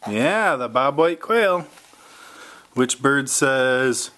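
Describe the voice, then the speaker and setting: A young mother slowly quizzing her child, breaking into loud, high imitations of bird calls. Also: lively intonation. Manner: slow, patient questions broken by loud high bird-call imitations. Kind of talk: playful bird-call game with a child.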